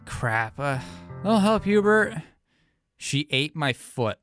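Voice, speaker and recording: A man giving casual, joking commentary over a game he is streaming. His easy, profane chatter rises and falls a lot in pitch, and game music plays behind him. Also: very animated, slow, fairly bright tone. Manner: laid-back, joking, swears freely. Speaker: gaming streamer. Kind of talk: casual let's-play commentary. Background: background music.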